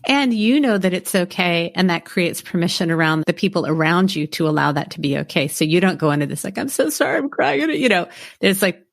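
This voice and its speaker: Low-voiced middle-aged woman hosting. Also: a little fast, few pauses. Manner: warm affirming, speaks of herself as a mother. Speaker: podcast host. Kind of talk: casual interview chat.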